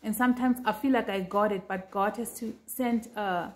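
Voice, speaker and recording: A woman's voice: medium pitch, steady tone, moderate pace. A woman earnestly recounting a dream to her viewers in casual storytelling, with lots of fillers. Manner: earnest, talks straight to viewers with many fillers. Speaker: vlogger sharing a prophetic dream.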